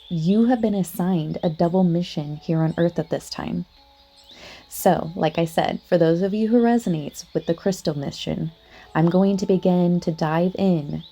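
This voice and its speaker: A woman's voice: lowish voice, unhurried, dark tone, soft background music. A woman hosting a spiritual podcast in a casual, chatty monologue, talking straight to her listeners with lots of "like" and "you know what I mean". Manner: earnest, addresses listeners directly.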